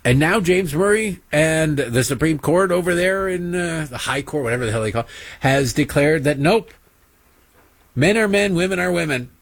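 A man's voice: on the high side, animated, normal speed, no room sound. Sarcastic male talk host. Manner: sarcastic, mocking, slips into impressions. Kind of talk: political commentary monologue.

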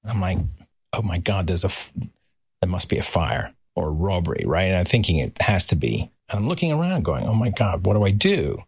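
A man with a low, husky voice tells an animated story on a podcast. His pitch leaps wide as he acts out every quoted line. The sound is close and dry. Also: brisk, no echo. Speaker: actor telling a story as a podcast guest. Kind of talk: animated anecdote. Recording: played clip from a podcast.

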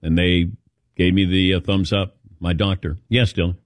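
A man's voice: low voice, flat delivery, moderate pace, no echo. A man hosting a casual chat show, telling rambling personal stories. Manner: rambling anecdotal storytelling. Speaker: host.

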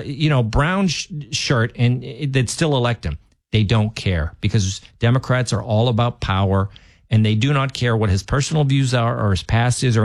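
A male fill-in talk radio host offering opinionated political commentary. His pitch is mid-range, and he talks loosely with many restarts. The sound is dry and close to the microphone. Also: no echo. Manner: opinionated, conversational, with frequent restarts.

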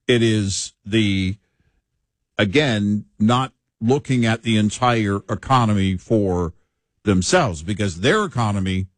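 A man co-hosting a political talk show, making his points forcefully and building them up in lists. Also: lowish voice, takes it slowly, no room sound, studio quality. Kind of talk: conversational political commentary.

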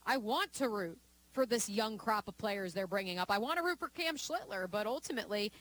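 A woman's voice: medium pitch, animated, brisk, a bit bright. Analytical woman co-hosting sports radio. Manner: fluent, stat-heavy, analytical. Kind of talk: sports talk radio banter.

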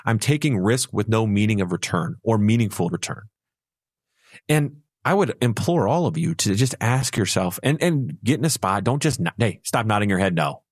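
A man's voice: fairly low pitch, expressive, normal speed, no room sound, clean studio sound. A man co-hosting a financial radio show, explaining ideas in a playful, storytelling way and laughing at his own jokes. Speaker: financial advisor co-host. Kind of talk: conversational radio talk.

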